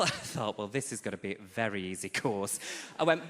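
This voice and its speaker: Bright-voiced man from England, camp and chatty, teasing the crowd, echoey theatre. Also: medium pitch, expressive, fast. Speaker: stand-up comedian. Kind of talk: stand-up routine. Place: large theatre stage.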